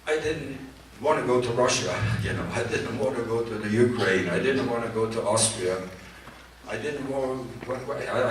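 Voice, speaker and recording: A man's voice: medium pitch, a little hiss or hum. Older man in an echoey hall, far off. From Poland. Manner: halting, repeats words, earnest. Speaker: Holocaust survivor speaker. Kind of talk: personal testimony to students. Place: large hall at a community event.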